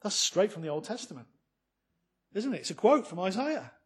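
High-voiced preacher, loud then hushed. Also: male voice, very animated, moderate pace, husky. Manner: swells loud then drops very soft, rhetorical questions. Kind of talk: sermon.

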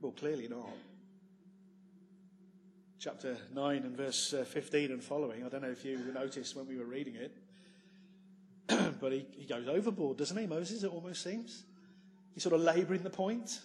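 A man preaching a sermon, full of tag questions and moving between loud emphasis and quiet asides. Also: medium pitch, normal speed, pauses often, a little hiss or hum.

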